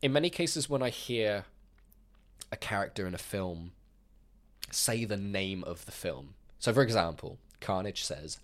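Lower-voiced man venting about a film. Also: a little slow. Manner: animated, swearing, acts out mock quotes. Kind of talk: casual film review chat.

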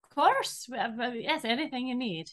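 A woman's voice: a little high, expressive, normal speed, fairly bright tone. A woman voicing a vain, foppish male space captain who talks in a pompous, theatrical way.

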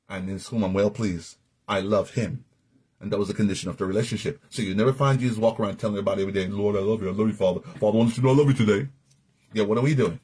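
Husky, animated male preacher. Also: on the high side. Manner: folksy, animated, laughs and sings out phrases. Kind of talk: sermon teaching.

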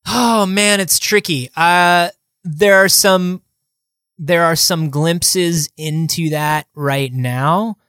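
A man co-hosting a podcast in casual chat, talking in quick bursts with a playful, rambling manner. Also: fairly high pitch, a bit bright, clear, resonant tone, no echo, studio quality. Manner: chatty, fast bursts, lots of "like" fillers, playful asides. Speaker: podcast co-host.

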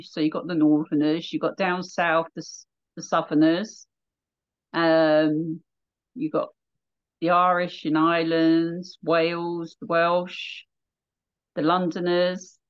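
A woman from England chats through a casual interview, telling stories and laughing easily. Her voice sits a little low. The sound is dull and lo-fi, like remote call audio. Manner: laughs easily, chatty storytelling. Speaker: radio presenter, interview guest.

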